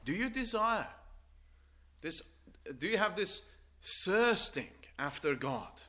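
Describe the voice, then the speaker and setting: Earnest, bright-voiced older male preacher. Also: high voice, very animated. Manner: earnest, building to forceful exhortation with repeated questions; halting restarts and stammers. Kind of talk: sermon.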